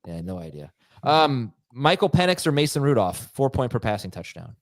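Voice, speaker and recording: A man hosting a casual sports podcast panel, reading out listener questions and arguing his points in a brisk, upbeat way. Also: medium pitch, sing-song, no echo.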